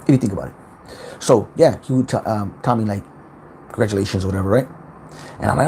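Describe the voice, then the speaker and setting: A man's voice: on the low side, fast talker, long pauses, dark tone, a little hiss or hum. A man hosting a casual spiritual self-help livestream from home, rambling, repeating words and swearing freely.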